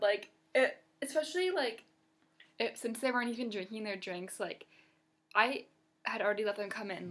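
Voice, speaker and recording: A woman's voice: medium pitch, a little fast, a bit bright. A young woman and waitress telling a story to her camera in a casual, exasperated rant, swearing freely. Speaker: vlogger, waitress.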